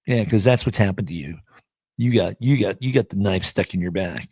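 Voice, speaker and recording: A man with a low, gravelly voice talks through a daily astrology forecast. He is blunt and chatty and breaks into quick mock voices with wide leaps in pitch. The sound is dry and close. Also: darkish tone, dry recording. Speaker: astrology show host. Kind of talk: casual astrology forecast monologue.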